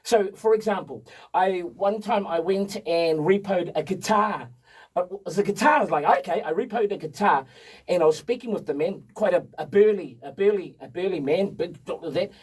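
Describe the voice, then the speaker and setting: A man, an energetic and chatty storyteller talking as a guest on a radio show. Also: sits high, normal speed, slightly rough, far from the mic, low-quality recording. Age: 50s. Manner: energetic, chatty storyteller who laughs often. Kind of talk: casual radio interview. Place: radio studio.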